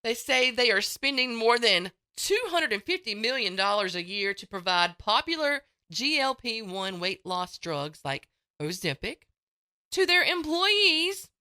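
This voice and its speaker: Folksy and playful, a very animated female morning radio host chats at a relaxed, unhurried pace. Her bright, crisp voice ranges widely in pitch, captured close on a dry studio mic without echo.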